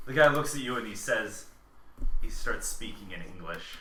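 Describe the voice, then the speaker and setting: A man's voice: lowish voice, expressive, moderate pace, bright, forceful tone, roomy sound, a little hiss or hum. A man narrating a tabletop role-playing game as game master, laid-back and joking.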